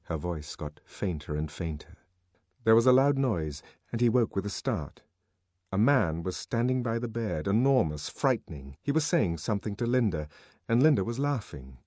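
Man, audiobook narrator, low voice, lively melody, measured, close dry studio sound. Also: no echo. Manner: measured, expressive storytelling.

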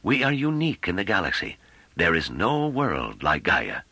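A man doing a wise old man, slow hypnotic calm, very deep and husky. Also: no echo, exaggerated voice. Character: calm, wise elderly man, patient teacher.

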